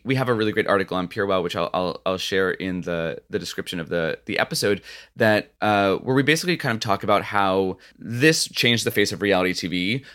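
A man's voice: lowish voice, a bit bright. A man in his thirties co-hosting a podcast in casual chat, rambling with many restarts and "you know"s. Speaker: podcast co-host.

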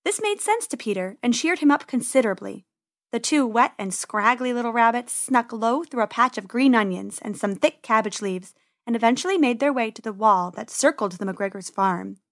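A woman reading a children's story aloud in a gentle, expressive way. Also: on the high side, normal speed.

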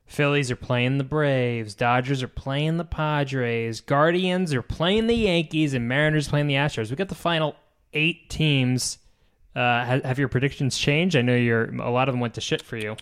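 A man's voice: medium pitch, moderate pace, a bit bright, clear, resonant tone. A young man co-hosts a casual podcast. He speaks in short, dry wisecracks. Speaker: podcast co-host. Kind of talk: casual chat.

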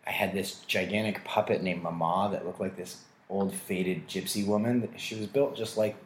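A man's voice: sits low, fairly even intonation, normal speed, a little hiss or hum. A man, a comedian guest, telling rambling, self-mocking stories about his past and laughing often. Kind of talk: casual storytelling interview. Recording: roomy echo.

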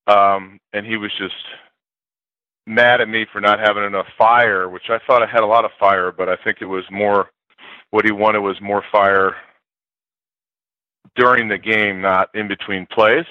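Older man, low voice, animated storyteller, dry muffled sound. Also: unhurried, long pauses, no echo. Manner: animated storyteller, acts out quotes loudly, laughs often. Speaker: former college football player, guest. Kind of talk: interview storytelling.

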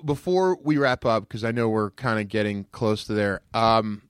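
A man, an actor guest, telling animated stories in a casual chat. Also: fairly low pitch, moderate pace, smooth, no echo, studio quality. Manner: animated, does voices in anecdotes.

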